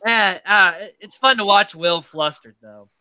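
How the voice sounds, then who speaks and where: A man hosting a podcast, recapping a reality show in animated casual chat. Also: high-pitched, unhurried, clear, resonant tone, dry recording, poor audio. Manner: animated, quotes people in put-on voices. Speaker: podcast host.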